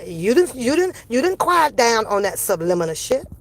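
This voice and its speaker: A woman with a brash, sassy tears into her critics on a live stream. Her voice sits a touch high for a woman and is heavy with swearing. She mocks and confronts, laughing between her jabs. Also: big pitch swings, normal speed. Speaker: online commentary streamer. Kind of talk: profane ranting commentary to viewers.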